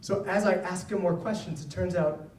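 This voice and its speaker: A psychologist gives a conversational public lecture to parents in a school event hall, sharing personal stories and often checking in with "right?". His voice is high and a little mellow, with fairly even intonation and normal speed. The recording is roomy with a distant mic, faint ambience and slight background noise.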